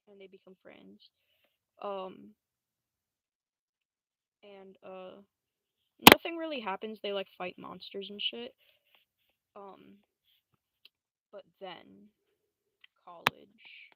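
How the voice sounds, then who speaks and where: A woman's voice: mid-range voice, slow pace, creaky, long pauses. A young woman livestreamer rambling through a story in a casual, slangy, profane way, with lots of fillers. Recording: loud steady hiss.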